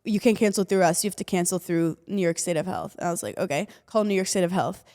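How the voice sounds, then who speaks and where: A woman's voice: fairly low pitch, fast talker. A woman co-hosting a podcast, telling a story in casual chat and acting out the people in it. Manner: animated storytelling, acts out quoted people. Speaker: podcast co-host.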